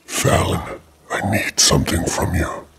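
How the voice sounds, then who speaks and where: A man voicing an ominous male demon with a raspy, grumbling voice in a spooky story narration. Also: a little slow, fairly bright tone, close to an everyday voice. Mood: menacing.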